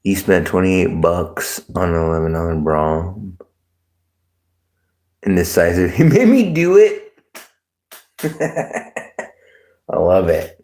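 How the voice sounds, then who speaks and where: A male streamer with a low, deep voice, chatting at an unhurried pace. He rambles, jokes crudely and greets viewers from chat in a loose, casual way. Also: a little mellow. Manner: rambling, joking, crude, reads chat aloud. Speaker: livestream host.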